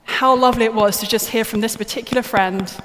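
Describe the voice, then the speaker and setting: Woman, fairly high voice, chatty, joking with the crowd, stage mic, long hall echo. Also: steady tone, quick pace. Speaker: conference speaker. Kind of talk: live conference talk. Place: large conference hall. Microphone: stage microphone. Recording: live hall reverb, faint noise.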